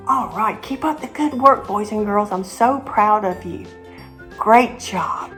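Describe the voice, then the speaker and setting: A woman teaching children a memory verse, slowly and clearly, with lots of praise. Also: mid-range voice, faint music behind. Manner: warm encouraging praise, slow and clear. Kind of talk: memory verse drill for kids.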